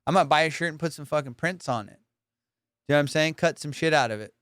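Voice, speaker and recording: A man's voice: fairly high pitch, fast, a bit bright, clear, resonant tone, dry recording, studio quality. A man hosting a comedy podcast, rambling casually, swearing a lot and laughing often. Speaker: podcast host.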